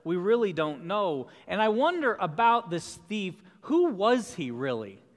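A man's voice: high-pitched, sing-song, measured pace, long reverb tail. A man preaching a sermon in an earnest, questioning way. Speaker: pastor.

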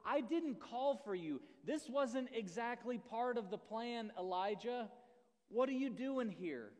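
A preacher acting out God, who asks probing questions, slow and emphatic, in a raised, high voice. The words ring out through a large hall with a long reverb tail. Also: male voice, animated, a little mellow. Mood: pointed. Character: God questioning a runaway prophet, probing and pointed.

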